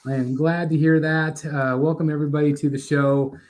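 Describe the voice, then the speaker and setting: A man's voice: on the high side, flat delivery, a little fast. A man hosting a live collectors' show, upbeat and welcoming, a little scattered and out of breath. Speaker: host.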